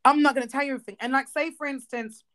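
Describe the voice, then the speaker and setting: Blunt, animated woman chatting casually. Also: high voice, racing. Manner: emphatic, blunt, swears freely; animated, acts out quoted voices. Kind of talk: casual chat.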